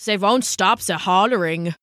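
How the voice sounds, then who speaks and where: A cautious male steward from a storybook, speaking low and measured, as a woman reader puts him on. The sound is crisp and bright, dry and close. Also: no room sound, lightly acted. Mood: concerned.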